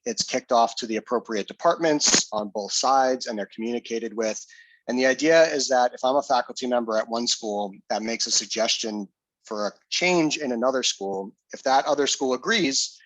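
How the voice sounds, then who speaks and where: A man's voice: mid-range voice, normal speed, a bit bright, dry recording, low-quality recording. Male presenter, conversational and explanatory, dry close-miked sound. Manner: explanatory, casual, with fillers and restarts. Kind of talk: screen-share software demo.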